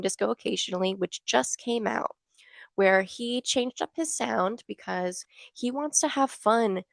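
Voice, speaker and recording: Chatty young woman with a gravelly edge. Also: mid-range voice, dry recording. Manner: chatty and gushing, many fillers. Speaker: vlogger. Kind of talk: casual fan talk to camera.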